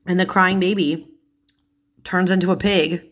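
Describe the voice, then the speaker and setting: Giggly low-voiced woman vlogger. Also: fairly even intonation, a little slow. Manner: giggly, laughs often while talking; chatty, with many fillers and casual swearing. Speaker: tarot vlogger. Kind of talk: casual vlog showing tarot cards.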